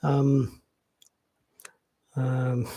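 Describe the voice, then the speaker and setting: A man teaching an English grammar lesson in a casual way, repeating example sentences and filling pauses with "yeah" and "um". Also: mid-range voice, monotone, mellow.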